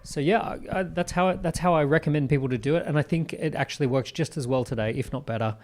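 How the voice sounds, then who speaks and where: A man with an Australian accent, a guest on an interview podcast, telling business stories in an animated way with quick restarts and asides. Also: fairly high pitch. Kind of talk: conversational interview.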